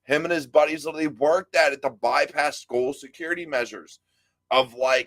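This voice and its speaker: This podcast host talks casually, telling stories in which he voices other people and occasionally swears. His voice is on the high side and fairly bright, delivered at a normal speed.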